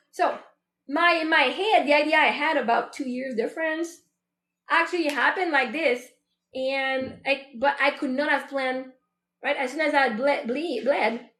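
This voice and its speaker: Speaking at a moderate pace, a woman in her thirties hosts a show in a personal, reflective monologue, her voice sitting high and a bit bright. She's candid and chatty, leaning on fillers and often quoting her own thoughts aloud, all in a room with an echo.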